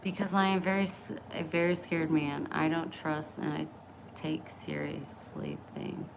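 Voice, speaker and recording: A woman's voice: low voice, lively intonation, a little slow, vocal fry, background noise. A middle-aged woman talking bluntly and openly in a casual vlog, oversharing about her personal life. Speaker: vlogger. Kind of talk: candid casual chat.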